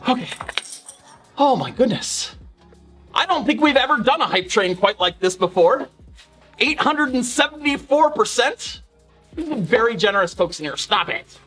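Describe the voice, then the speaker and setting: A woman's voice: on the high side, lively intonation, a little slow, a bit bright, faint music behind. A woman chatting casually on a live stream, gushing thanks to viewers and coaxing her dog.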